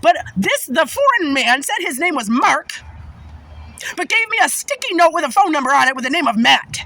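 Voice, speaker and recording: A woman's voice: high voice, big pitch swings, moderate pace, pushed and bright, rough recording. A woman telling a personal story in casual monologue, agitated and emphatic, swearing often.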